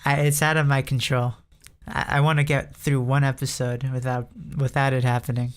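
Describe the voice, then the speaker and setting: Smooth, even-voiced man whose voice cracks. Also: medium pitch, normal speed. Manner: voice prone to cracking. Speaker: podcast co-host. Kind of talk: casual chat about video games.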